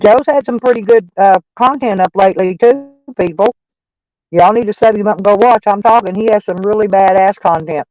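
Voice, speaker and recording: A woman's voice: mid-range voice, brisk, dark tone, no echo, rough recording. Rambling Texan woman live-streaming. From Texas. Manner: rambling, profane, folksy. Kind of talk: casual live-stream chat.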